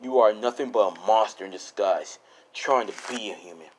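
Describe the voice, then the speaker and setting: Dude doing a mean scornful dad, low slow and contemptuous. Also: male voice, a little hiss or hum, lightly acted, rough recording. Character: cruel scornful father, a menacing adult man.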